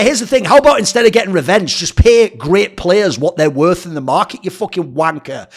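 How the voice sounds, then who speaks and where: Ranting, profane man, high voice. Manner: profane, sarcastic, heated. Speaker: esports commentator. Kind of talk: ranting commentary.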